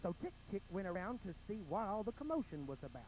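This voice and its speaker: A man's voice: sits high, sing-song, quick pace, a little mellow, a little hiss or hum, low-quality recording. A male drag performer on a pageant stage narrating a bawdy fairy tale in a mock-sweet, campy storybook manner into a stage microphone.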